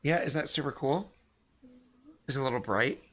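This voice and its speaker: A man's voice: mid-range voice, normal speed, a bit bright. A man who runs the game and streams it, chatting casually and playfully from his home basement. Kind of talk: casual chat.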